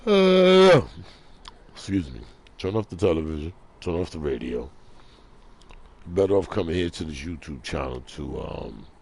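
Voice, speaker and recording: A man's voice: very deep voice, vocal fry, mellow, breathy edge. A man hosting his own online radio show, talking in a rambling, slangy monologue and laughing at his own jokes. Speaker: internet radio show host. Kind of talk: casual monologue.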